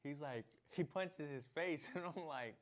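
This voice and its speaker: A man's voice: a little high, measured pace. A young man, a vlogger, telling a story in a casual, slangy way, laughing and acting out the scenes. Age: young adult.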